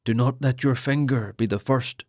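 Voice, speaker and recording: A man's voice: medium pitch, moderate pace, darkish tone, no room sound, clean studio sound, close to an everyday voice. A man voicing a solemn male lord who speaks formally while ordaining priests. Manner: formal ceremonial speech.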